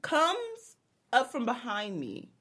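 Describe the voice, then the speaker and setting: A woman's voice: on the high side, takes it slowly. A woman co-hosting a podcast, telling a casual story with profanity and acting out what people said. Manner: animated, profane, acts out quoted people. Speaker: podcast co-host.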